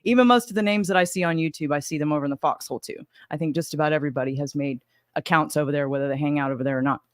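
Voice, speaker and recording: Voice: medium pitch, rapid-fire, no room sound, studio quality. A livestream host with a slight Southern US accent, chatting casually and rambling while greeting viewers by name. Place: home in Arizona.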